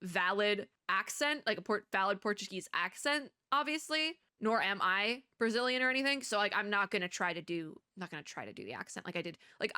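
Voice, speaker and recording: A woman's voice: mid-range voice, lively intonation, a little fast, hardly any pauses, pushed and bright, clean tone, dry recording, studio quality. A young woman from Texas giving casual, rambling commentary while playing a story game and reading its dialogue aloud. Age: young adult. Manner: chatty, rambling, reads dialogue without voices. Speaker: gaming content creator. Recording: faint game music behind.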